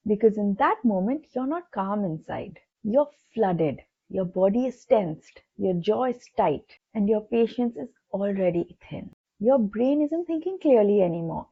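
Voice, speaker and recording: A woman psychologist giving a soft, empathetic scripted talk that speaks directly to the listener. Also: mid-range voice, breathy edge. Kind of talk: scripted reflective narration. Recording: tinny phone-like sound.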